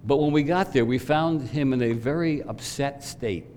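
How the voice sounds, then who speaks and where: A man's voice: mid-range voice, normal speed, a little mellow, a little hiss or hum. Earnest man preaching in a reverberant hall. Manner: earnest, rising emphasis on questions to the congregation. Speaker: pastor. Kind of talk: sermon. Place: church sanctuary. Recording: long reverb from a church hall.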